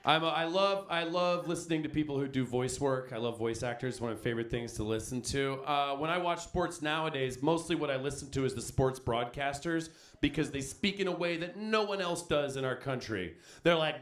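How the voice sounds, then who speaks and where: Guy doing stand-up, high-ish gravelly voice, jumps into silly voices, club echo. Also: moderate pace. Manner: animated, switches into exaggerated voices. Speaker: stand-up comedian. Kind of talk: stand-up comedy set. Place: comedy club stage. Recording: roomy club sound. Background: audience laughter.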